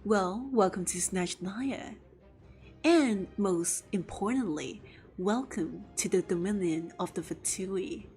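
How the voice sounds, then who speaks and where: A woman voicing a soft, aloof desert queen. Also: medium pitch, takes it slowly, soft background music, close to an everyday voice. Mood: aloof, welcoming. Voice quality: soft, hazy, cool and aloof. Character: aloof cold-voiced female desert queen. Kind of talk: game character impression.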